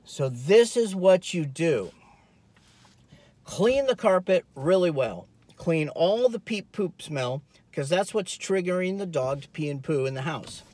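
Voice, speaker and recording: Animated high-voiced man giving dog advice. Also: unhurried, no echo. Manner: animated, rambling, acts out scenes. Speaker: dog trainer. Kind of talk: casual talking-head vlog advice. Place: inside a car.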